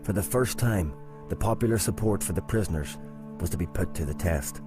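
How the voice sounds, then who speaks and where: A man reading scripted documentary narration in a measured, deliberate way. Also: sits low, expressive. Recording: narration over music.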